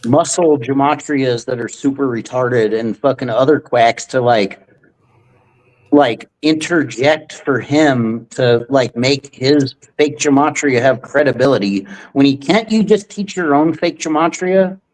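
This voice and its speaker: A man's voice: mid-range voice, measured pace, poor audio. A man hosting a livestream, ranting in a heated, profane and rambling way. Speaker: livestream host.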